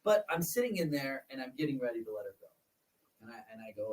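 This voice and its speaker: A man in his forties hosts a relaxed interview, telling his story in a chatty way, often repeating his words as he goes. His voice sits at an average pitch. He sounds a little distant from the microphone. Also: fast. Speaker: podcast host. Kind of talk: casual interview chat.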